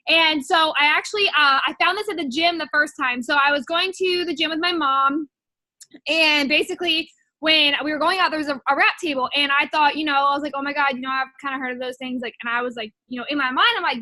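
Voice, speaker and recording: Chatty high-voiced young woman. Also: brisk, sharp tone, dry recording. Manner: chatty, rambling, heavy filler words. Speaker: network marketing distributor. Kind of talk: casual personal testimony.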